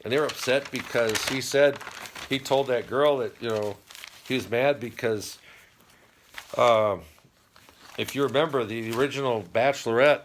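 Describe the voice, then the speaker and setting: A middle-aged man talks casually at home, rambling from point to point and dropping wry jokes as he goes. His voice sits at an ordinary middle pitch for a man. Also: steady tone, normal speed, long pauses, a little hiss or hum. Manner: chatty, rambling, wry asides. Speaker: channel host recapping a TV show. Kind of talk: casual chat.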